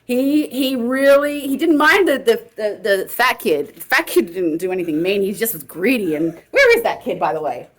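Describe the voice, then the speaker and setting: A woman's voice: on the high side, animated, moderate pace, hardly any pauses. A woman improvising a comedy sketch, bossily scolding and lecturing with frequent laughs. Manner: bossy, scolding, laughs a lot.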